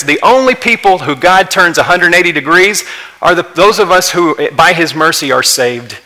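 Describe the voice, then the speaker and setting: Impassioned preacher man, bright voice. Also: fairly high pitch, rough recording. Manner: impassioned, rising to emphatic peaks then dropping quiet. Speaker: pastor. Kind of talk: sermon.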